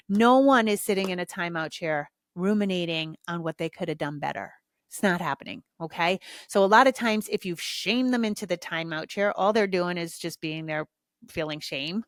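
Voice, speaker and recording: A woman's voice: lowish voice, no room sound, clean studio sound. A middle-aged woman hosting a parenting podcast, giving frank, casual advice and swearing freely. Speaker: podcast host, parenting coach. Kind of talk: casual chat, candid advice.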